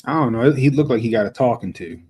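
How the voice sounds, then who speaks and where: A man's voice: medium pitch, animated, fast talker, poor audio. A man commenting casually on a livestream, joking and chuckling through his remarks.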